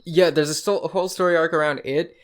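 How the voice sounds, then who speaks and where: Young man, podcast co-host, slightly high voice, rambling, profane, laughing. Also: steady tone, fast talker. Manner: rambling, profane, laughs while retelling game scenes. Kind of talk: casual chat.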